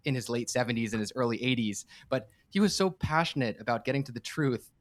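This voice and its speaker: An earnest man talks quickly, sharing a personal story as a podcast guest. His voice sits at an ordinary middle pitch. He speaks with heartfelt conviction and often restarts a phrase. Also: lively intonation. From United States. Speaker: podcast guest, campus director and startup coach.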